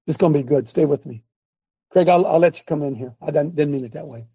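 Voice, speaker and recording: A man hosting an online talk show, giving fiery religious and political commentary in an excitable, rambling way with shouted asides. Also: fairly high pitch, fast talker, breathy edge, no room sound.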